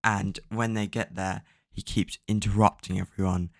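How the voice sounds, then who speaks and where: At home in a bedroom with a cat, a man casually summarizes a book's plot, rambling with plenty of fillers and frequent swearing. His voice is low and flat at normal speed, captured in a dry, studio-quality recording.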